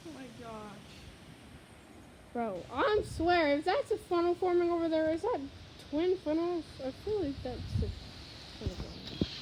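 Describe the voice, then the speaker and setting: Filming a windstorm outdoors on a handheld phone, a storm vlogger gives breathless live commentary packed with exclamations, first beside a house and then by a garage. Her voice is extremely high and very animated, though her pace is unhurried. The background is noisy.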